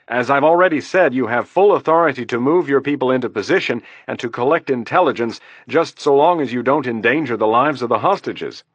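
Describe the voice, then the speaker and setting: A testy, defensive politician in high office, as a man puts him on for an audiobook. His voice climbs higher and sharper when pressed. The recording is dry and close. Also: a little fast, hardly any pauses, no echo, muffled recording, lightly acted. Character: defensive, irritable male vice president, middle-aged.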